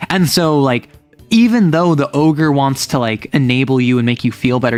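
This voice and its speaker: A man hosting a casual chat, explaining tabletop game rules in a rambling, filler-heavy, animated way. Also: mid-range voice. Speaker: host.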